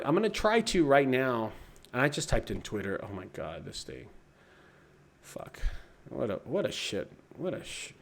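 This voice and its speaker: Casual, profane man, slightly high voice. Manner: loose, profane, rambling, frequent restarts. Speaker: junk removal business owner. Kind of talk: casual livestream chat with viewers.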